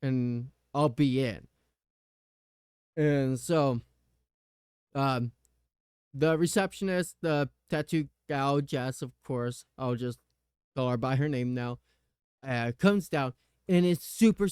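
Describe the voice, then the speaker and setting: Slow-talking man telling a story. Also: medium pitch, smooth, no room sound, clean studio sound. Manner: animated retelling, swearing. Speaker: podcast host. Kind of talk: casual storytelling.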